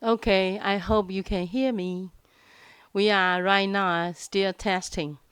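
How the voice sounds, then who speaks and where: Halting woman teacher, smooth voice. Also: mid-range voice, steady tone, a bit bright, no room sound. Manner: halting, many fillers and restarts. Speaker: Mandarin teacher hosting a live class. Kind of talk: casual live-stream teaching.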